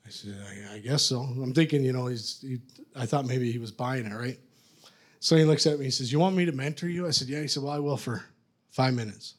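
A man from Canada tells his testimony as a preacher, talking at an ordinary middle pitch. He rambles, restarts himself and pokes fun at his younger self as he goes. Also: fairly quick, husky. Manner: rambling, self-mocking storyteller. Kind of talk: testimony storytelling.

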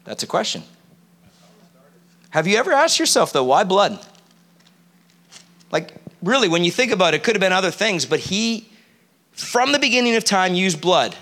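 High, bright-voiced male preacher. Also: brisk, long pauses. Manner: animated, quizzes the audience. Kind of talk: sermon to a live congregation. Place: church.

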